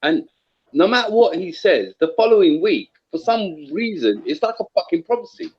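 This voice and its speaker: A man's voice: sits high, normal speed, breathy edge. A man in a heated casual chat, swearing freely and telling stories with lots of slang. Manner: profane, animated storytelling with slang. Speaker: voice chat participant. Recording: dull lo-fi online audio.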